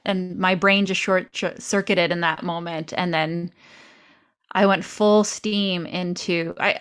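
A woman's voice: medium pitch, smooth. A woman from Canada hosting a podcast, telling stories in a chatty way and acting out her own past remarks. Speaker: podcast host. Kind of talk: casual conversational interview.

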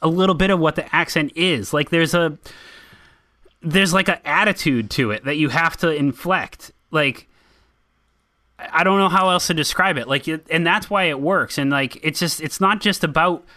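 A man's voice: a little high, sharp tone. A man co-hosting a podcast who argues his point about a film insistently, stopping and restarting his sentences. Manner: insistent, argumentative, halting. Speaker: podcast co-host. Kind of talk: casual film discussion.

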